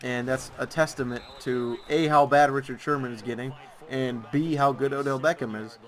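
A man's voice: mid-range voice, steady tone, moderate pace. A young man giving football picks over gameplay in a sarcastic, ranting way, drawing out words for emphasis. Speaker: YouTuber making predictions. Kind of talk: casual commentary over gameplay.

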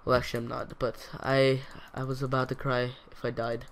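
A man's voice: medium pitch, fairly quick, a little hiss or hum. Rambling teen boy narrating his gameplay. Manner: rambling, self-talking, jumpy excitable outbursts. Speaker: gaming channel host. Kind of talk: casual gameplay commentary.

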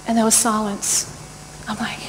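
A woman pastor telling a lively personal story in a sermon, laughing often and acting out the voices of the people in it. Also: a little high, moderate pace. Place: church auditorium. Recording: long church-hall reverb, faint noise.

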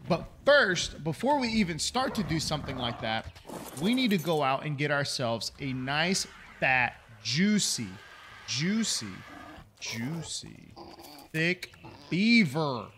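A man's voice: fairly high pitch, sharp tone, slight background noise. A young man giving casual, rambling let's-play commentary at his microphone, swearing freely and joking at his own expense. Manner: chatty and rambling, swears casually, jokes at himself. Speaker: gaming video creator.

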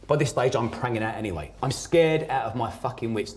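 A man's voice: medium pitch, quick pace, few pauses, a little mellow. A man telling his personal story as a podcast guest, blunt and emphatic, swearing heavily.

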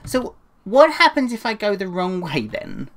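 A woman's voice: mid-range voice, big pitch swings, measured pace. A young woman commentating a horror game, jumpy and swearing when scared, with dry asides. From England. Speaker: gaming YouTuber. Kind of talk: let's play commentary.

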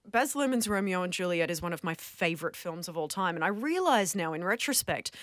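A woman's voice: fairly low pitch, expressive, fairly quick, dry recording. A woman hosting a casual panel chat, giving candid, self-deprecating opinions into a close studio mic. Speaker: podcast host.

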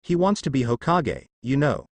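Man as a kind, earnest young ninja teacher in a storybook reading. Animated, dry close sound. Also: medium pitch, moderate pace, dry recording.

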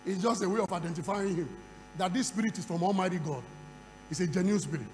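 A man preaching a sermon at a conference, moving from quiet storytelling to loud shouting. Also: high voice, moderate pace. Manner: acts out dialogue in a conversational storytelling voice. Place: large conference hall. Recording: reverberant hall with faint hum.

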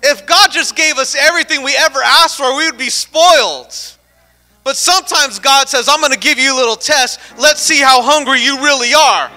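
A male pastor preaching a sermon, rising into fervent, shouted exhortation. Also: extremely high pitch, moderate pace, soft background music.

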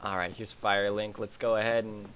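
A man giving excitable, chatty commentary while streaming a game. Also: on the low side, brisk. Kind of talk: casual gameplay commentary.

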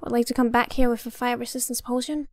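A woman's voice: on the high side, flat delivery, quick pace, low-quality recording. A young woman giving casual gameplay commentary, muttering to herself, swearing and getting exasperated. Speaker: gaming YouTuber. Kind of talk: casual let's-play commentary.

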